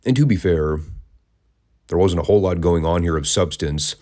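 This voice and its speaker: A man's voice: deep voice, normal speed, warm tone. A man hosting a wrestling review podcast, talking casually with wry, sarcastic asides.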